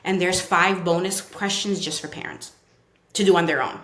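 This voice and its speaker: Guest: woman with a New York accent, slightly low voice, casual talk, roomy recording. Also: normal speed, a bit bright. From Brooklyn. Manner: chatty, many fillers, acts out kids' quotes. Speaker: child psychotherapist guest. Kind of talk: casual podcast interview. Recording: roomy echo.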